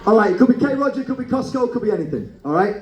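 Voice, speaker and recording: A man hosting a comedic live game show on a cruise ship, teasing contestants with quick banter and frequent laughter. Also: very high voice, expressive, darkish tone, roomy sound, slight background noise, low-quality recording.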